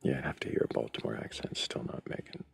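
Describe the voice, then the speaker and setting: A man hosting a casual livestream, playfully riffing on accents and tongue twisters while reading chat comments. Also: quick pace. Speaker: livestream host.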